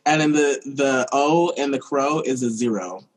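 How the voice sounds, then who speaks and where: A young man, an actor guest on a podcast, talking in an expressive, agreeable and playful way. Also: medium pitch, a little slow, rough recording. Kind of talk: casual chat.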